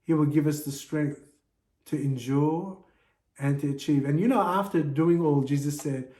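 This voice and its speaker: A man's voice: on the high side, steady tone, normal speed, dark tone. Earnest man preaching in an echoey church. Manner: earnest, exhorting. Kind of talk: sermon.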